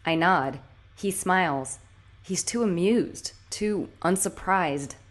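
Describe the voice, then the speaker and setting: A woman's voice: on the low side, slow pace. A woman author narrating her own audiobook in first person, tense and intimate, with anxious bursts. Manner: tense, intimate storytelling with sudden anxious outbursts.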